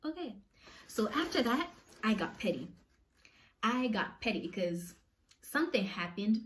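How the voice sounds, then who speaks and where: Animated young woman telling a story. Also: measured pace, slight background noise. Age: young adult. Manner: animated, acts out quotes with swings in pitch. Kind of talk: casual storytime.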